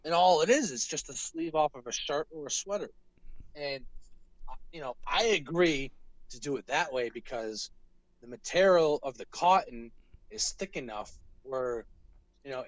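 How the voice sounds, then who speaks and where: A man's voice: medium pitch, dry recording, lo-fi sound. A man co-hosting a casual podcast, telling a rambling story full of swearing and acted-out quotes. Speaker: podcast co-host.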